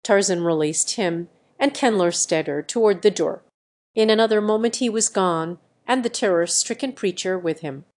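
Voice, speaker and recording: Synthetic female narrator, steady audiobook reading, mid pitch. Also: normal speed.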